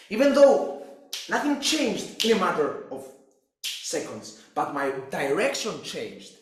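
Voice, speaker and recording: Young guy, high voice, intense and sweary, sounds like he's in a big echoey room. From Cyprus. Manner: intense, profane, restless delivery with restarts. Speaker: fitness coach. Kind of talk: personal story monologue.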